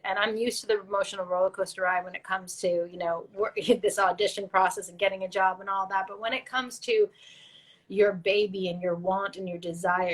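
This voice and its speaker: A woman guest, tearful and earnest, telling her story in halting, faith-driven speech. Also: mid-range voice, low-quality recording. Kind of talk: emotional personal interview.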